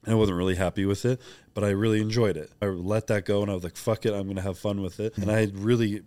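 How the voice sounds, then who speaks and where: Low and warm, his voice holds a steady tone in a recording with no room sound. The young bodybuilding champion speaks quickly and openly as a podcast guest, swearing freely and performing the lines of people he quotes.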